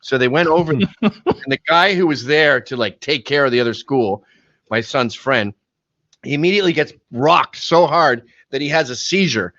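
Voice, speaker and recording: A man's voice: medium pitch, normal speed, no room sound. A middle-aged man with a mild Canadian accent, telling anecdotes as a podcast guest. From born in England, raised in Canada. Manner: animated storyteller who shouts out quoted lines. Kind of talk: casual storytelling. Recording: dry, slightly dull podcast mic.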